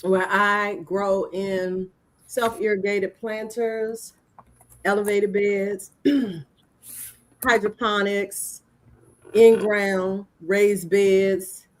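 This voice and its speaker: A woman's voice: mid-range voice, flat delivery, drawn-out words, pauses often. A woman co-hosting a gardening livestream, easygoing and chuckling as she talks in casual chat. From Maryland. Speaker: livestream co-host.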